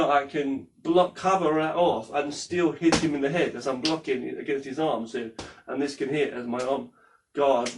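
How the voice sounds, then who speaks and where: A man's voice: fairly high pitch, a little hiss or hum. A man teaching martial arts in a rambling, casual way, demonstrating moves as he talks and swearing freely. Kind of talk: casual spoken lesson. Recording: voice from a distance from the mic.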